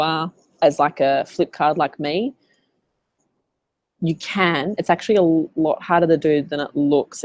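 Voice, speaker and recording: An Australian woman coaching in a casual live Q&A, chatty and animated as she tells stories. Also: low voice, dry recording. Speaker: business coach.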